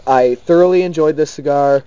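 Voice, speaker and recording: A young man casually giving his rating in a cigar review, relaxed and leaning on words like definitely. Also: fairly high pitch, normal speed, smooth, no room sound. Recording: dull lo-fi sound.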